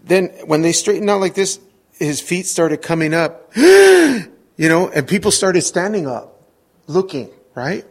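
A middle-aged man preaching a sermon, telling a story with lively acted-out moments and sudden shouts. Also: fairly high pitch, moderate pace. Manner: animated, acts out scenes with sudden shouts. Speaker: pastor.

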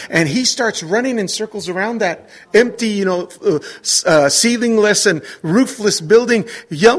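A middle-aged man preaching a sermon, telling a story with lively acted-out moments and sudden shouts. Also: high voice. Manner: animated, acts out scenes with sudden shouts. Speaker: pastor.

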